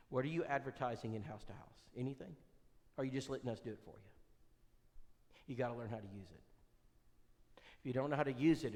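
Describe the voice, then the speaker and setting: Animated preacher in an echoing hall. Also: male voice, mid-range voice. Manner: animated, folksy, quizzes the audience, many restarts. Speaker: preacher leading an evangelism seminar. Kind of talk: conversational seminar talk with storytelling. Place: church hall. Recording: reverberant church hall.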